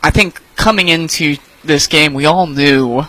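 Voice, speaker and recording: A man's voice: fairly high pitch, a little slow, sharp tone, rough recording. A man working as a sideline reporter, telling his view of the game casually while searching for words. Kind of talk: postgame sports report.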